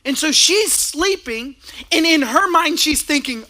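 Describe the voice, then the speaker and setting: A man preaches in a high, bright voice. He is animated and plays out both sides of a couple's everyday squabbles. His delivery is keen and lively throughout. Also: takes it slowly. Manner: animated, acts out both sides of a couple's quarrel, laughs along. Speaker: pastor. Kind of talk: sermon with acted-out stories.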